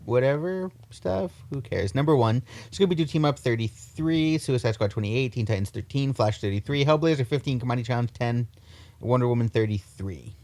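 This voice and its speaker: A man's voice: medium pitch, a little fast, darkish tone. A young man co-hosting a casual comic-book podcast, reading out release lists in an offhand, dismissive way. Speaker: podcast co-host. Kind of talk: casual chat.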